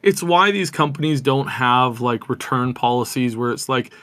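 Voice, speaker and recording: A man's voice: mid-range voice, animated, normal speed, few pauses, fairly bright tone. A man co-hosting a gaming news podcast, talking casually with many restarts and growing indignation. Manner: rambling, frequent restarts, indignant. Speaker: podcast co-host.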